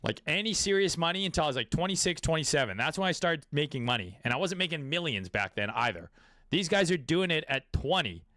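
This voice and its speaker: A man's voice: on the high side, sing-song, a little fast, pushed and bright, no echo, studio quality. Crude, profane male crypto commentator. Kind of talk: casual market commentary.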